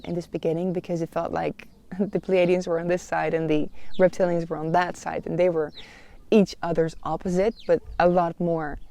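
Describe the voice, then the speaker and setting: A woman's voice: sits low, gravelly, a little mellow. A woman hosting a personal podcast, talking in an earnest, confessional way with frequent "you know" fillers. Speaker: podcast host.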